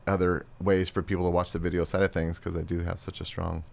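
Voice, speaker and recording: A man's voice: deep voice, level tone, fast talker, creaky, darkish tone. A man who is a guest and video producer, in casual chat, joking and teasing in a laid-back way.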